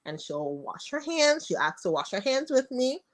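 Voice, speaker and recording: A woman's voice: big pitch swings, moderate pace. A woman on a podcast talking frankly about being a mother of a toddler, acting out her talks with her daughter in a raised voice. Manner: frank, acts out dialogue with her daughter in a high voice. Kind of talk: casual interview storytelling.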